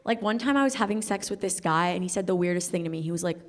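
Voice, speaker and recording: A woman's voice: fairly low pitch, fast. A young woman from Colombia doing a brash, self-mocking stand-up set, teasing the crowd and laughing at her own jokes. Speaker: stand-up comedian. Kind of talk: stand-up set before a live audience. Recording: noisy live club sound with crowd laughter. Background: audience laughter.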